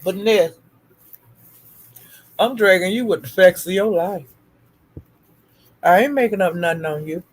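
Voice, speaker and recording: A woman's voice: lowish voice, unhurried, pauses often. A woman hosting a live stream, taunting someone with profane, repetitive insults and calling out to her chat viewers by name. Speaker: livestream host.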